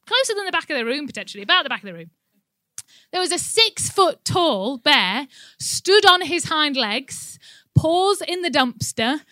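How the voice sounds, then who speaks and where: A woman giving a church talk, telling a personal story in an animated way and laughing often. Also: sits high, no echo. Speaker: church speaker. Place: indoor room with an audience.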